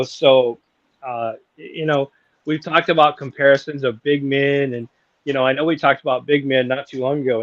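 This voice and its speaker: A man's voice: mid-range voice, dry recording, muffled recording. A man in his forties co-hosting a casual wrestling talk show, rambling with lots of fillers. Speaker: podcast co-host.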